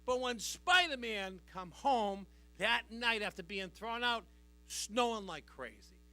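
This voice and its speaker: A man's voice: high voice, animated, slow, sharp tone, faint music behind. A middle-aged man doing a stand-up comedy routine on a live stage, working the crowd with a brash, punchy delivery. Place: live stage before an audience.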